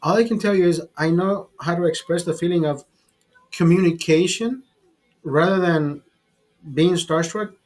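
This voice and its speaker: A middle-aged man telling rambling, profanity-laced stories in a casual vlog, pausing and restarting as he talks. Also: a little high, rough recording. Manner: profane, rambling, animated storyteller. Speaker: vlogger. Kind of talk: casual storytelling over a beer.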